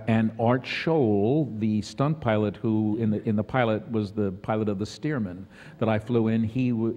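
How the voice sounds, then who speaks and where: A man's voice: fairly low pitch, mellow, lo-fi sound. An older man as a convention panel guest, chatting with stammered restarts and laughs. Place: convention hall. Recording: reverberant convention hall.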